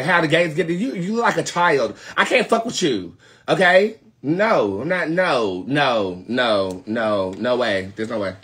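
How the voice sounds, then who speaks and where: A young man from North Carolina with a Southern accent, hosting a live tarot reading stream and talking to viewers in a sassy, profane way that swings from loud to muttered asides. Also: a little high, very animated, unhurried, breathy edge. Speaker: tarot reader, live show host.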